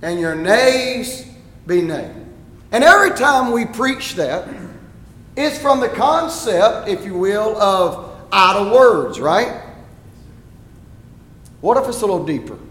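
A pastor telling a story in his sermon, animated and rising to shouts at times. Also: high voice. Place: church sanctuary. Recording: echoey church hall.

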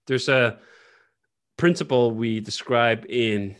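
A man talking as an interview guest in casual conversation, animated and blunt, swearing freely. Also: mid-range voice, takes it slowly.

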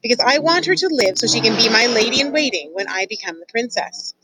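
A woman voicing a simple, eager young serving girl who talks loud and blunt with broken grammar. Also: a little high, lively intonation, fairly quick, heavy background noise, close to an everyday voice.

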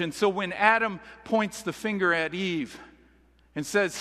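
A man's voice: high-pitched, moderate pace, pushed and bright. A man preaching a sermon as pastor, in a conversational, earnest way. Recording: long reverb of a large hall.

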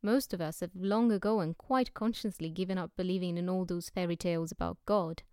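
A cautious, learned editor from a storybook, answering politely and with care, as a woman reads him. The tone is smooth and even, close to the mic in a dry space. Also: on the low side, no room sound, natural voice. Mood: measured. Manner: measured and diplomatic.

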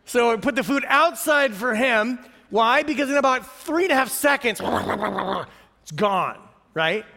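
Middle-aged pastor guy preaching, high voice, lots of chuckles and questions to the crowd, echoey church hall. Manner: lively storytelling with frequent chuckles and audience questions. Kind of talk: sermon. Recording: reverberant hall.

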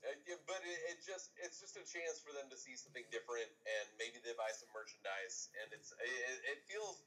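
Man, podcast co-host: tense, bright tone, easygoing and wry. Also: mid-range voice, animated, fairly quick, rough recording. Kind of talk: casual sports chat.

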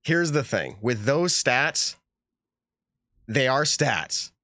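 A man hosting a casual podcast, chatting in an animated, emphatic way and laughing often. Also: medium pitch, drawn-out words, no room sound, clean studio sound. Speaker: podcast host. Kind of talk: casual chat.

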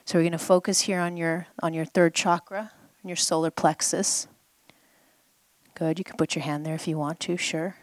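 A woman's voice: fairly low pitch, level tone, moderate pace, no room sound. A woman healing coach guiding a participant through an exercise at a live event, coaxing and repeating phrases for the listener to say back. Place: live event before a group.

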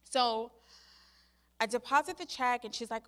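Brief: young woman, chatty testimony, crisp bright tone, slightly high voice, lots of "like". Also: normal speed. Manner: animated, acts out her own quotes, many "like" fillers. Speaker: speaker sharing a testimony. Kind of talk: casual storytelling testimony.

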